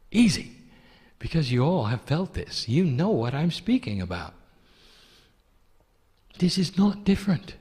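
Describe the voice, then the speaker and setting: A man giving a channeled spiritual talk to an audience, speaking gently and addressing listeners as "dear one". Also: medium pitch. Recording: long hall reverb.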